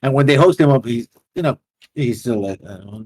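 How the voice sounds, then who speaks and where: A man's voice: medium pitch, animated, normal speed, darkish tone, no echo. A man narrating as a tabletop game master in a casual way, with many fillers.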